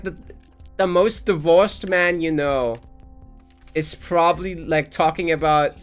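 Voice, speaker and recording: Bright, high-voiced profane young streamer. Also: male voice. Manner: rambling, profane, incredulous. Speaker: live streamer. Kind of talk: casual game-stream commentary.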